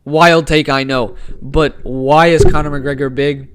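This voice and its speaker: A man hosting a casual live sports talk stream, excitable and opinionated, using slang, on a wired desk microphone. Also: a little high, unhurried, a little hiss or hum. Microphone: desk microphone with wire.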